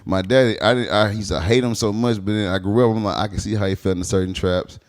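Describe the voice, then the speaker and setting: A man's voice: lowish voice, fast. A man who is a stand-up comedian, guest on a podcast, telling crude stories with plenty of laughter and acted-out quotes. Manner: animated, acts out quoted lines, laughs often.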